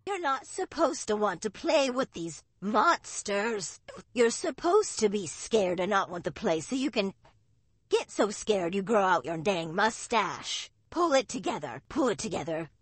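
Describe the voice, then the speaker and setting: A woman's voice: mid-range voice, sing-song, measured pace, husky, dry recording. A woman putting on a stern voice to scold herself for not being scared enough. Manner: scolding, lecturing.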